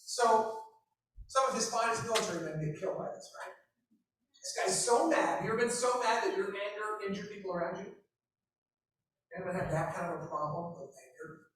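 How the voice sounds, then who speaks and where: A man's voice: sits high, brisk, pauses often. A man leading a small-group Bible study, reading verses aloud and asking the group questions while acting out the angry king. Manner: animated, asks the group questions, acts out the king. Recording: echoey room recorded from a distance.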